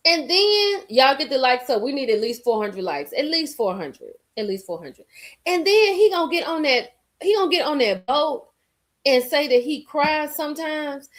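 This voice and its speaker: A woman's voice: a little high, normal speed. A woman hosting a live stream, chatting casually and emphatically with her viewers, repeating lines for effect. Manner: animated, talks straight to viewers reading the chat.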